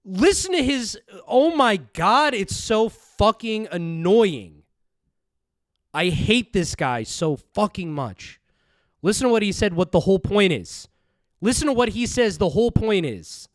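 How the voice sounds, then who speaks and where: A man with a very high, lively voice rants in a heated, foul-mouthed way while reacting to a video. His sound is close and dry, with no room around it. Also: measured pace, dry recording. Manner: heated, swearing, mocking. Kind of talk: profane angry rant.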